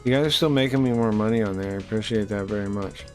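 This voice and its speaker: A man's voice: fairly low pitch, fast talker, a little mellow, faint music behind. A man streaming a game, chatting casually in a loose, rambling, profane way. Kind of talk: casual live-stream chat while playing.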